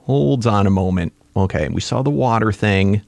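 A man narrating his own game play as he goes, an excitable gamer who exclaims at the creatures he finds. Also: on the low side, moderate pace, gravelly, no room sound. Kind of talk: casual gaming commentary.

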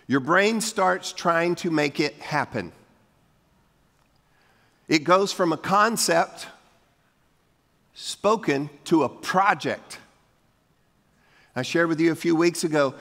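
A man's voice: on the high side, a bit bright. An older man preaching a sermon as pastor, folksy and coaxing the congregation to repeat lines after him. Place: church sanctuary. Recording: long hall reverb from a church sanctuary.

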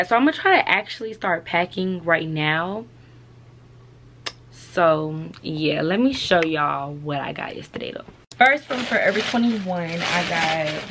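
A woman's voice: fairly low pitch, background noise. A young woman chatting casually to her camera at home, full of slang and "y'all". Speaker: vlogger.

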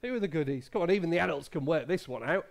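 A man's voice: on the high side, expressive, rapid-fire, vocal fry. A man in his thirties, a pastor leading a playful quiz with children in a church service. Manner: playful, quizzing the children, many restarts and laughs. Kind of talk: family service talk with children. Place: church hall.

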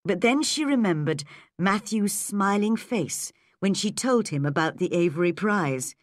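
A woman narrating a graded storybook for English learners in a slow, clear, measured way. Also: mid-range voice, animated, dry recording, studio quality.

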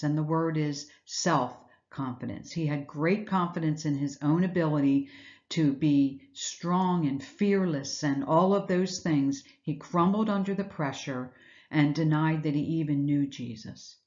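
A woman's voice: deep voice, a little slow, darkish tone, muffled recording. A woman giving an Easter sermon, retelling scripture in a reflective storytelling way with rhetorical questions. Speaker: speaker giving an Easter message.

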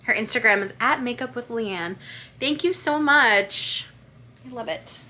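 A woman's voice: on the high side, unhurried, pushed and bright, a little hiss or hum. A young woman vlogger who gushes as she reads holiday cards aloud in a casual vlog. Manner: gushing, effusive.

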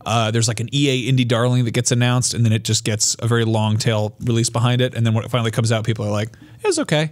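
A man's voice: mid-range voice, little pitch movement, racing. A man hosting a casual gaming podcast, chatty and jokey as he runs down upcoming releases. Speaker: podcast host.

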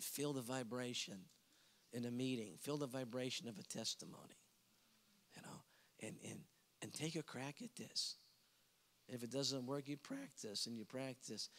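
A middle-aged evangelist preaching a revival sermon, telling animated stories and bursting into squeaky voices for the people in them. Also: male voice. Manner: animated storytelling, jumping to squeaky quoted voices. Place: large church hall. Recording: long hall reverb.

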